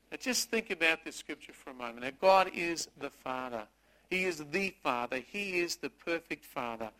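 A middle-aged pastor gives a sermon in a loose, conversational way, teasing people in the pews between points. His voice is bright and sits a little high for a man, with a lively ring that carries. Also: brisk, poor audio. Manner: conversational preaching with jokes at the congregation.

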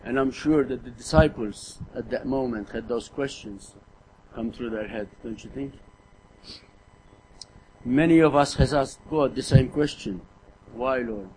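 A man's voice: medium pitch, a little slow, a little mellow, a little hiss or hum, poor audio. A middle-aged man preaching a sermon in an earnest way, often repeating words and putting rhetorical questions to his listeners.

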